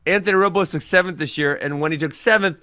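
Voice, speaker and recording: A man's voice: a little high, fast talker, pushed and bright, no echo. A man co-hosting a casual sports podcast over a remote call, ranting in an exasperated way. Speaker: podcast co-host. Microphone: remote call mic.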